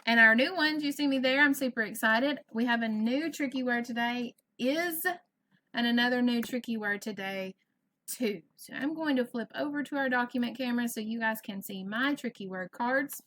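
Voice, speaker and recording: A woman's voice: fairly high pitch, normal speed, sharp tone. A woman teaching an online first grade phonics lesson, patient and encouraging, carefully over-enunciating each sound. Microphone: computer mic on a video lesson.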